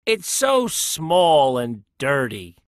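A woman voicing a gentle male mole who frets, speaking softly. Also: very deep voice, very animated, slow pace, no echo, studio quality, heavily acted. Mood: sad.

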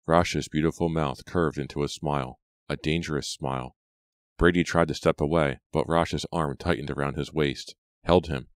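A male audiobook narrator with a very deep voice reads at a moderate pace with fairly even intonation. The recording is dry and studio quality.

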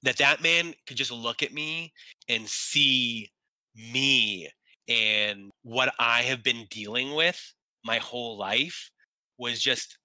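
A man shares a painful personal story, his voice bright and tense. He stops and restarts as emotion catches him, close to tears. The sound is dry and close. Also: mid-range voice, no echo, low-quality recording. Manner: halting, restarts when moved, near tears. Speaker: guest.

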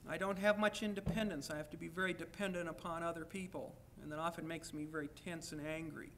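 A man's voice: fairly high pitch, steady tone, fast, a bit bright, a little hiss or hum. A man giving a university lecture, speaking candidly in the first person and at times reading aloud from his own writing.

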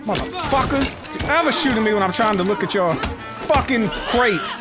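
A man commentating his own gameplay, excitable and profane, often yelling at the game. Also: sits high, measured pace, over music. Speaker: let's play host.

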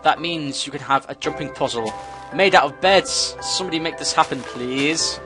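A man giving casual, excitable commentary as he plays a game, talking to himself with sudden yelps. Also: on the high side, moderate pace, over music. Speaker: gameplay commentator.

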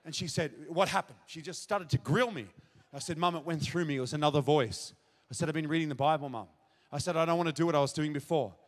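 A man preaching his testimony to a congregation, acting out conversations and building to shouted exclamations. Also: fairly high pitch, fast. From Australia. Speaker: pastor. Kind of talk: testimony sermon to a live congregation. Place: large church hall at a revival event. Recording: live hall reverb.

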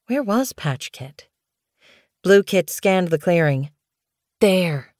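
A woman with a low voice reads a storybook aloud in an even, clear way. The sound is close and very dry, as in a studio booth. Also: slow pace, long pauses, dry recording. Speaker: audiobook narrator. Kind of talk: scripted storybook narration.

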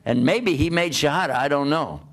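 A man giving a religious talk to an audience, lively and questioning, often acting out the voices of the people he quotes. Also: on the high side, normal speed. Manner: animated, plays out quoted voices and asks rhetorical questions. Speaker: Islamic preacher.

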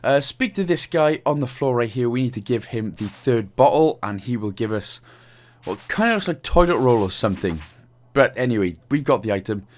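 This Welsh man talks with a lively, bouncing pitch, wandering up and down as he narrates his walkthrough. He is cheeky and chatty, and he jokes and chuckles through the commentary. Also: normal speed. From Wales. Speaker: game walkthrough host. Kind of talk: casual gameplay commentary.

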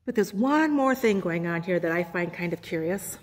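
A woman's voice: fairly low pitch, expressive. Woman preaching a sermon in a reverberant church. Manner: preaching, quotes scripture with dramatic pauses. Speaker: pastor. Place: church sanctuary. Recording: long hall reverb.

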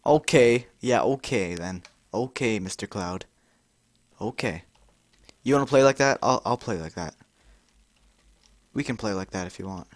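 A man's voice: fairly low pitch, no room sound. Exasperated young man swearing at a game. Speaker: gamer. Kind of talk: frustrated let's-play commentary.

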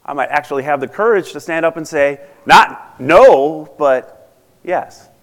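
A man's voice: fairly high pitch, lively intonation, a little slow. A man voicing a timid, frightened man lacking courage, speaking hesitantly, in an echoing hall. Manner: hesitant, quiet. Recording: reverberant conference hall.

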